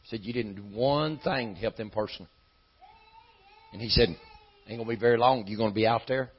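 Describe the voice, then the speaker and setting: A man preaching a sermon in a folksy style that climbs into shouting. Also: medium pitch, quick pace, breathy edge, lo-fi sound.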